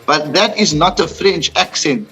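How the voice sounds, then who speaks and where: A man's voice: on the high side, a little slow, sharp tone, soft background music. A man with a South African accent hosting a casual chat show, playful and upbeat, hyping up his guests. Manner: upbeat, playful and hype-building. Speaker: podcast host.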